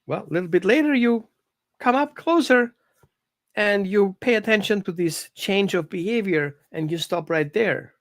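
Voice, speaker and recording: Speaking from home on an informal live stream, a dog trainer runs a lesson in an animated, conversational way, coaching listeners and repeatedly asking them to follow along. Her or his voice sits at a middle pitch and moves at a moderate pace. The audio is studio quality with no room sound.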